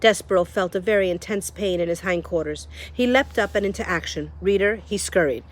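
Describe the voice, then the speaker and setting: A woman reading a children's novel aloud in a lively storytelling manner, speaking to the listener. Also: on the low side, fairly quick. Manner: lively storytelling, addresses the reader. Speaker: reader.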